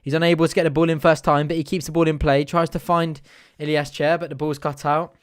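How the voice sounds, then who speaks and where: A young man hosting a live fan watch-along, giving chatty, partisan play-by-play that bursts into excited shouting at chances. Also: on the high side, quick pace, clear, resonant tone, no echo, clean studio sound.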